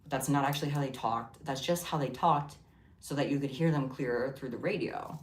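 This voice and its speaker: Low-voiced woman rambling on livestream. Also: fairly quick. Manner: rambling, scattered, jokey. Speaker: livestream host. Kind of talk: casual livestream chat. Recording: echoey room, distant mic, faint noise.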